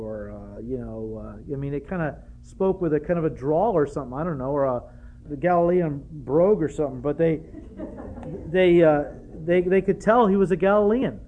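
A man preaching a conversational sermon in a folksy way, with casual asides, slowing and softening when earnest, then leading a prayer. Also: on the high side, expressive, low-quality recording. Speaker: pastor.

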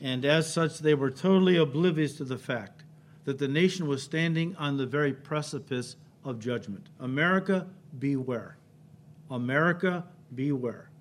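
High-voiced emphatic male pastor preaching. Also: moderate pace, a little hiss or hum. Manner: emphatic, builds to loud cries then drops low, frequent "right?" checks. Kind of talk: sermon.

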